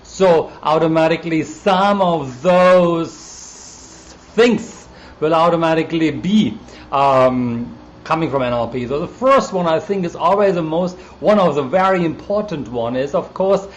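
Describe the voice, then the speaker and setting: A man's voice: on the high side, animated, measured pace, a little hiss or hum. A man with a German accent hosting a casual live stream as a coach, chatting and greeting viewers by name.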